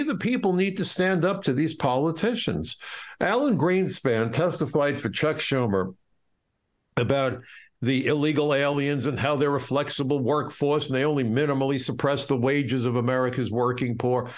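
Middle-aged guy from the states telling his life story, gets fired up and indignant, mid pitch voice. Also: normal speed. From United States. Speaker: interview guest. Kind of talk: storytelling in an interview.

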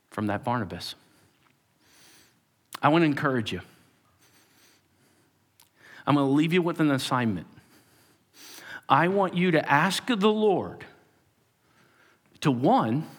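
A male pastor giving a sermon to his church, acting out quoted voices and dropping to whispers for emphasis. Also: on the high side. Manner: animated, acts out quoted voices, drops to whispers.

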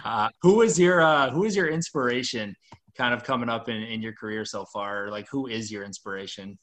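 A man's voice: mid-range voice, fairly quick, fairly bright tone. Easygoing podcast host, a man. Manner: easygoing, hesitant with "uh", laughs often. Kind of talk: casual interview.

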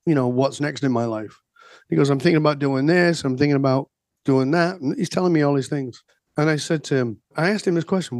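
A man's voice: medium pitch, a little mellow, dry recording. Man, coach guest, storytelling, rhetorical questions, dry close sound. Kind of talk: podcast interview talk.

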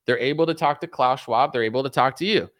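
A man's voice: medium pitch, fast, fairly bright tone, no echo, studio quality. A young man talking casually in a rambling monologue as a podcast host, acting out little quoted voices as he goes.

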